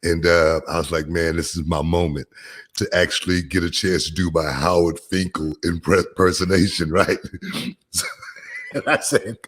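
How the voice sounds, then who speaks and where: A man with a very low, husky voice talks on a sports radio show. He tells stories between bursts of laughter in a relaxed way. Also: normal speed. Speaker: co-host, former wrestling commentator. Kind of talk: casual radio chat.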